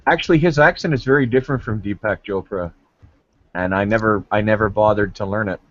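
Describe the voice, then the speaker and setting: A man's voice: on the low side, brisk, no room sound. A man hosting a casual online debate chat, joking crudely and rambling, heard over a video call. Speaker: hangout host. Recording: dull lo-fi call audio.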